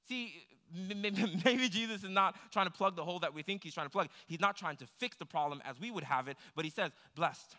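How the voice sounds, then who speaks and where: A man's voice: high voice, brisk, hardly any pauses, sharp tone. A man preaching a sermon in a conversational way, climbing to emphatic, pressing peaks. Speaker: pastor. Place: church hall. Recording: long hall reverb.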